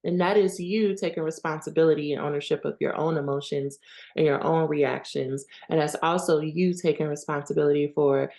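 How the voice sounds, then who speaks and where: A woman with a slightly low voice hosts a reflective self-help podcast. She talks candidly and personally, often checking in with listeners with a quick "right?". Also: fairly even intonation, creaky, dark tone. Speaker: podcast host.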